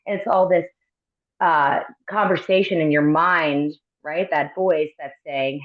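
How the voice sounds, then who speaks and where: A woman mindfulness coach explaining her practice as an interview guest, gently, with frequent ums and tag questions. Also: low-pitched, fairly even intonation, slow. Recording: tinny phone-like line.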